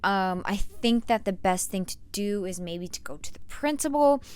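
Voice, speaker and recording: A woman's voice: mid-range voice, expressive, normal speed, a little mellow, clear, resonant tone, natural voice. A woman quoting a concerned, exasperated wife and teacher in a casual voice.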